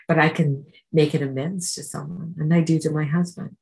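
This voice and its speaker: A woman with a low-pitched voice gives a personal testimony at a recovery meeting. She talks in an earnest, conversational way and slips into the voices of people in her stories as she tells them. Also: steady tone, fairly quick, vocal fry, darkish tone, poor audio. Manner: earnest, conversational storytelling that acts out quoted exchanges. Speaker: speaker sharing her recovery story.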